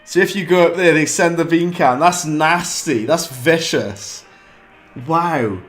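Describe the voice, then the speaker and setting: A British man giving chatty live commentary while streaming a game, mocking himself and breaking into quick bursts of frustration. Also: on the high side, a bit bright, faint music behind.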